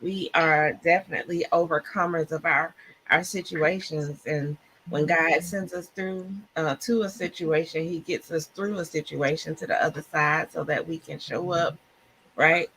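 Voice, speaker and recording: Host type: energetic woman, bright tone, talks church-style with lots of y'all, faint hiss behind. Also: low-pitched, normal speed. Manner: excited, churchy, laughing often, Southern-style "y'all" talk. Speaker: podcast host. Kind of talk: casual live-stream chat.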